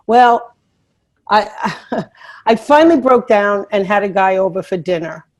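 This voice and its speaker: A woman's voice: medium pitch, expressive, unhurried. Female comic from New York, rambling chatty storyteller, video-call sound. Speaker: stand-up comedian. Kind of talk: stand-up storytelling.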